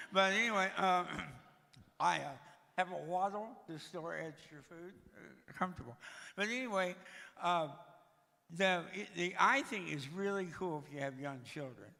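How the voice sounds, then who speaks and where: A man tells his life story with wry, self-deprecating humor, his heavy breathing always audible. His voice sits a little high, with a gravelly edge and a bright, forceful ring. The long reverb of a church hall trails behind his words. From Tennessee, USA. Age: 60s. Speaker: guest speaker. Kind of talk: humorous personal testimony. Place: church sanctuary.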